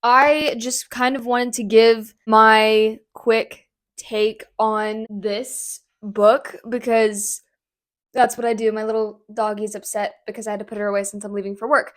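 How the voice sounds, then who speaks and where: A young woman vlogging from her home kitchen, gushing about a book in a rambling, excited casual chat. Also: a little high, measured pace.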